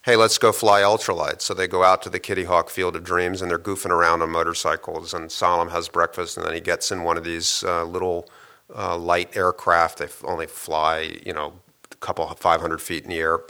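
A man interviewed as a guest, giving long, measured story-like answers with frequent hesitations and restarts. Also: low voice, monotone, pushed and bright.

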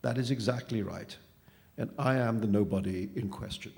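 A man's voice: fairly low pitch, moderate pace, creaky, a little mellow. A man reading a story aloud, voicing a pompous male phantom who speaks in precise, wordy and falsely kindly tones. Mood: smug.

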